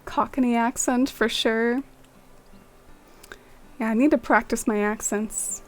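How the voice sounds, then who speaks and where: A woman's voice: a little high, steady tone, slow. A young woman streaming a game, chatting in a friendly way with viewers and musing aloud. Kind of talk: casual chat with viewers.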